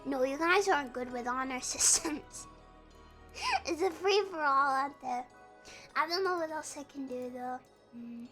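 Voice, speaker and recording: Bubbly girl streamer with a really high voice, chatting w viewers, bit of music behind. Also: unhurried, a bit bright. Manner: bubbly, greets chatters one by one. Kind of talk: casual live-stream chat.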